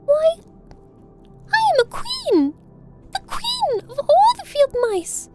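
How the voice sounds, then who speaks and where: Storybook mouse queen, tiny and proud, squeaky and very high. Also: huge pitch swings, slow pace, a little mellow, faint music behind, full character voice. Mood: regal squeaky. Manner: dignified, grateful.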